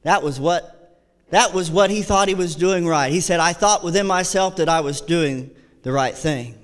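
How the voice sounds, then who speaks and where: A man's fairly high voice carries a long reverb tail as he preaches a fervent sermon at normal speed in a church sanctuary as associate pastor. Key phrases recur, and he reads scripture aloud in old-fashioned language.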